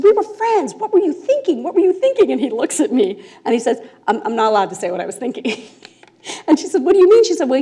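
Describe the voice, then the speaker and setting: A woman speaking at a conference, telling a case story in an animated way, laughing often and checking in with "right?". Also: mid-range voice. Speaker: conference speaker, restorative justice facilitator. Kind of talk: storytelling talk to a conference audience. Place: conference room.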